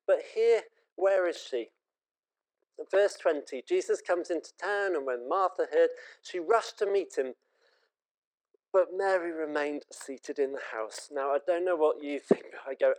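A man's voice: fairly high pitch, a little mellow, clean tone, rough recording. A British man preaching a sermon in an earnest, conversational and emotive way.

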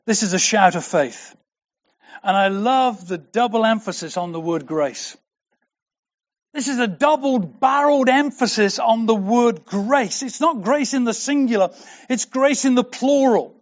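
A man preaching a sermon, emphatic and slow, repeating key words for weight. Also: extremely high pitch, expressive. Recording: dull lo-fi recording.

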